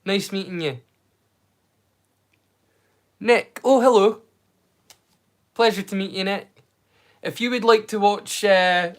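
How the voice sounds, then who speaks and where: A man's voice: high-pitched, a bit bright. A man from the far north of the UK, hosting a casual live watch-along stream in a rambling, chatty way with frequent restarts.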